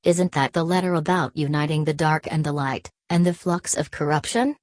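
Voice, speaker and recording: A woman reading an audiobook, voicing a Russian man who speaks quickly and precisely. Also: on the high side, no room sound, clean studio sound, close to an everyday voice. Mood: dry, curious.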